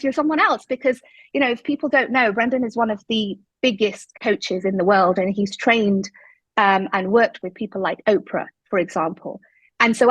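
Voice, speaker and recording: Animated woman telling her story. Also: mid-range voice, dry recording, dull audio. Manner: animated, emphatic retelling with quoted dialogue. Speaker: guest. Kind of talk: interview storytelling.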